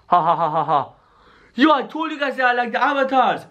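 A man hosting a scripted scary skit vlog, talking excitably to his viewers and constantly saying "yo" and "guys". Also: extremely high pitch, fairly quick, dull audio. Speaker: YouTuber.

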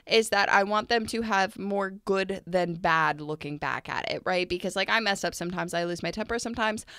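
Woman podcast co-host, mid-pitched, earnest and chatty, dead-dry studio sound. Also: normal speed, smooth, no room sound. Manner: earnest and animated, with frequent "like" fillers. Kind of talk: casual conversation.

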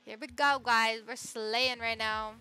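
A young woman streaming a game live, bubbly, greeting viewers by name and swinging between excited squeals and quiet murmurs. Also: a little high, unhurried, clear, resonant tone, soft background music. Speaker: livestreamer. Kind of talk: live-stream gaming chat.

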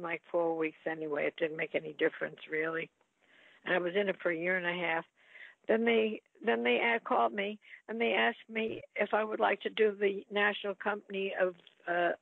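Gravelly older actress telling stories. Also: female voice, medium pitch, no echo. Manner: playful, lively anecdotes. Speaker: actress interviewee. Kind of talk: anecdotal interview storytelling. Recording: phone-like line, dry.

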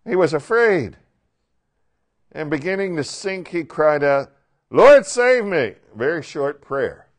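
An animated man leads a Bible class and talks through the reading in a casual, conversational way. He keeps asking his listeners questions and acts out the quoted lines as he goes. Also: on the high side, measured pace. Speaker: Bible teacher.

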